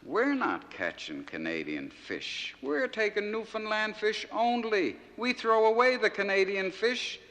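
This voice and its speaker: Man doing a sly, mock-innocent fisherman, high and thin, echoey LP. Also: very animated, unhurried, hardly any pauses, a bit bright, exaggerated voice. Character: sly male Newfoundland fishing captain. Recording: reverberant 1971 live LP.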